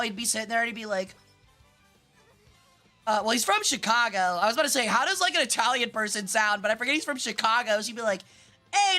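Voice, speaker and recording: A young woman from Memphis chatting casually on a live stream while gaming, animated and quick to swear, laugh and shriek. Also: fairly high pitch. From Memphis, US South. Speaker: vtuber streamer.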